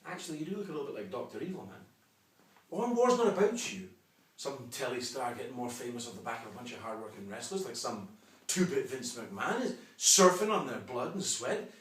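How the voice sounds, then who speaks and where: A man's voice: mid-range voice, sing-song, fairly quick, fairly bright tone, distant mic. A Scottish man in his forties, a wrestling promoter delivering a combative, mocking, boastful promo rant. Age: 40s. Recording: echoey room, off-mic.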